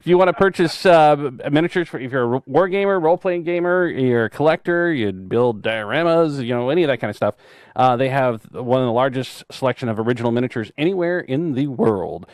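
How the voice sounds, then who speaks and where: Middle-aged guy cohosting a podcast, jokey storyteller, yells now and then, dry close sound. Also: mid-range voice, lively intonation, a little fast, dry recording. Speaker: podcast co-host, author. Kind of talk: casual chat.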